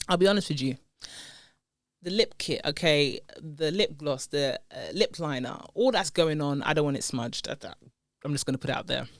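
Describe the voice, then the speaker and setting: A woman's voice: low voice, no echo, studio quality. A woman hosting a podcast, chatting casually and playfully, laughing often and using slang. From United Kingdom. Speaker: podcast host. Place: seated indoors. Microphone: podcast microphone.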